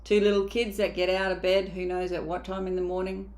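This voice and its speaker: A woman's voice: on the low side, flat delivery, a little fast, darkish tone. A woman mindset coach giving a motivational coaching talk, emphatic and casual, sometimes acting out inner voices.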